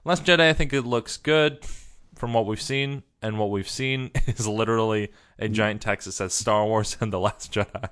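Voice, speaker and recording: A young man co-hosting a casual chat, joking, opinionated and quick to tease. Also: fairly low pitch, a bit bright, clean tone. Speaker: podcast co-host.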